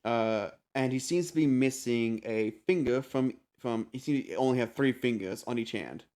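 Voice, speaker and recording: A man's voice: medium pitch, darkish tone. A man narrating as game master for a tabletop game, hesitant with frequent restarts. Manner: halting, many restarts and fillers.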